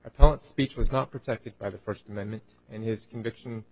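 A man arguing as a government attorney before an appellate court, measured and formal. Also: fairly low pitch, steady tone, low-quality recording. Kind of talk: formal courtroom oral argument.

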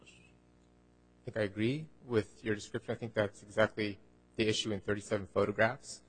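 Lawyer guy making his case to the judges, calm formal tone, lowish voice. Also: husky, poor audio. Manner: measured, formal advocacy. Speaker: government attorney. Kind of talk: formal courtroom oral argument. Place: courtroom.

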